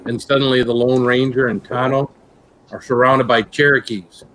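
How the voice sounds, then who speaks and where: A man with a middle-pitched voice tells a short joke in a casual chat. He repeats words as he gets started. A faint hiss sits behind him. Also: little pitch movement, moderate pace, a bit bright, rough recording. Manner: stumbling start, repeating words before getting going.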